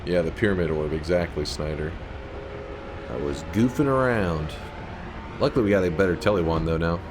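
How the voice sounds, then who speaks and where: A man's voice: low voice, expressive, brisk, noisy background. A man giving casual gameplay commentary as a streamer, rambling, thinking aloud and answering chat.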